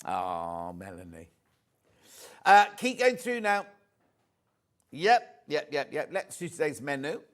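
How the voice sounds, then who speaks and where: A man's voice: a little high, very animated, takes it slowly, pauses often, a bit bright. A middle-aged man presenting live on a shopping channel, chatting and reading out viewer messages.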